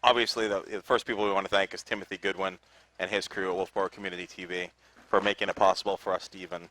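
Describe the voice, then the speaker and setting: Very deep-voiced male co-host. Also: little pitch movement, rapid-fire, bright, forceful tone, no echo. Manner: reads thank-yous with many fillers. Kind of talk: casual live broadcast chat. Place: outdoors at a parade.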